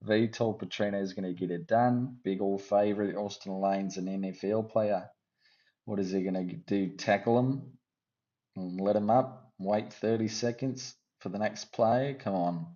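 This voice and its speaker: A man's voice: fairly low pitch, fairly even intonation, measured pace, a little mellow, muffled recording. A man hosting casual fight predictions, rambling and teasing with jokey asides. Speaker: MMA fight-picks host.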